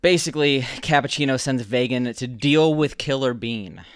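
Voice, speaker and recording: A man's voice: medium pitch, normal speed, smooth, dry recording, clean studio sound. Chatty young man recapping a movie. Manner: chatty, repeats words when starting sentences. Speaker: podcast co-host. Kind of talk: casual podcast chat recapping a movie.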